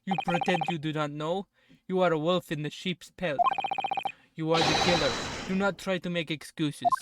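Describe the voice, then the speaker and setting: A man's voice: a little high, steady tone, normal speed, very noisy, close to an everyday voice. A man voicing a rugged male sailor with a put-on Russian accent, stern and interrogating. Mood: accusing. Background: loud game music.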